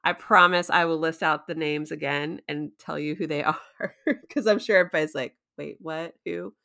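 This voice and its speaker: Woman, chatty recap talk, bright tone, somewhat low voice, playful asides. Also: steady tone, brisk. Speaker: co-host. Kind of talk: casual recap chat.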